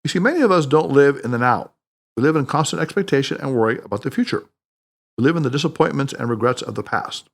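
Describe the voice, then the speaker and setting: A man, the podcast host, reading his own book aloud with expressive, audiobook-style narration. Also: medium pitch, fast, vocal fry.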